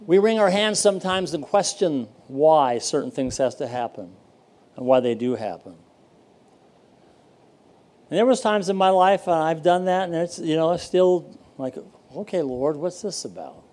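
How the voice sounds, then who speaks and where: An older man preaching a sermon as pastor, telling stories in a folksy way with dramatic pauses. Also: on the high side, expressive, darkish tone.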